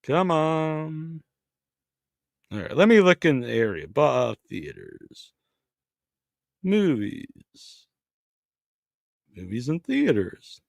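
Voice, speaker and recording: A man's voice: on the high side, wildly swooping pitch, slow, creaky, long pauses, no room sound. A man hosting a podcast in casual chat, chatty and thinking aloud as he searches online. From Massachusetts. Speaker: podcast host.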